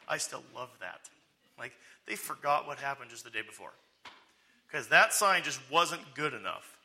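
Bright-voiced man teaching scripture. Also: on the high side, moderate pace. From United States. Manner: conversational, often asks "okay?" and "right?"; acts out quoted voices with sarcastic humor. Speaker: preacher. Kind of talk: expository Bible teaching.

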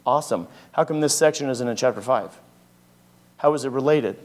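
A pastor delivers a conversational teaching sermon, asking his listeners many rhetorical questions. His voice is medium in pitch and a little fast.

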